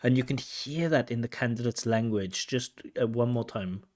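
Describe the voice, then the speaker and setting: A man's voice: mid-range voice, normal speed, a little mellow. A man, an examiner explaining a candidate's speaking test in a teaching manner. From Wales. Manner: explanatory, imitates intonation with tut sounds. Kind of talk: spoken exam feedback lesson.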